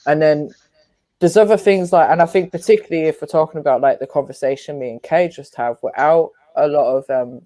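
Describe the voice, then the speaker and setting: A woman's voice: deep voice, a little fast, dark tone, no echo. A woman with an Irish accent, talking earnestly at length on a casual live panel. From Ireland. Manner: earnest, explains at length with fillers.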